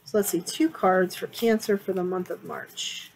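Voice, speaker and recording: A woman's voice: lowish voice, moderate pace, a little hiss or hum, rough recording. A woman giving a casual, rambling tarot reading at home, chatty and prone to repeating herself. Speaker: tarot reader. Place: home, sitting on a couch area with a fan on.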